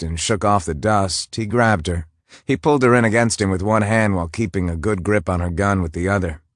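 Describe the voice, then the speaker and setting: A male narrator reads a romance novel aloud in a measured, intimate way. His voice sits very low, and the close, dry recording has no room sound at all. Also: no echo. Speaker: audiobook narrator.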